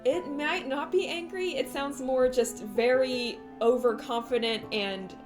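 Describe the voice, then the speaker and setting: A woman's voice: high-pitched, measured pace, music in the background. A woman narrating as game master of a tabletop game, giggly and loose. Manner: giggly, loose, with many fillers.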